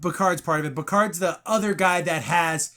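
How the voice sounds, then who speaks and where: A man's voice: on the high side, moderate pace. A man hosting a podcast, chatting casually about a TV episode and acting out lines from it. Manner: animated, quotes characters in put-on voices. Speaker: podcast host. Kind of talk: casual review chat.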